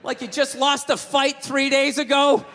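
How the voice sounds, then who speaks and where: A man doing a stand-up routine, ranting loudly and swearing a lot. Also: extremely high pitch, flat delivery, a little slow. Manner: ranting, profane, loud and emphatic. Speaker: stand-up comedian. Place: comedy stage before a live audience. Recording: live stage recording, long reverb, audience noise.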